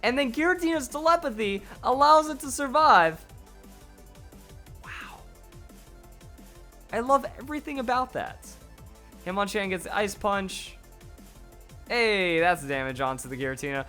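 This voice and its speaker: A man giving excited play-by-play commentary on a video game battle, his voice going hoarse. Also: high-pitched, soft background music. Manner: hype, rapid play-by-play with exclamations. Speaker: gaming YouTuber.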